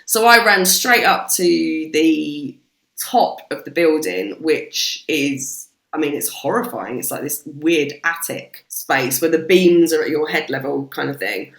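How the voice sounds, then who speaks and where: A British woman, a podcast guest, telling stories in a casual, animated way and swearing freely. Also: low-pitched, measured pace. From Britain. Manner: animated, swears freely, acts out quoted voices. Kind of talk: casual storytelling chat. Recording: roomy echo.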